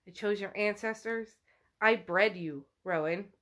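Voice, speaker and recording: A woman's voice: medium pitch, a bit bright, lightly acted. A woman voicing a taunting male spirit. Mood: menacing. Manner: fast, taunting, possessive. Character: menacing male spirit craving a body. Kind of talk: casual retelling of a novel.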